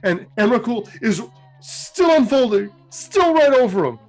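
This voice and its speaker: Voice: medium pitch, sing-song, measured pace, a little mellow, soft background music. A podcast host casually retelling fantasy game lore, rambling with many fillers and laughing at the jokes. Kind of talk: casual storytelling.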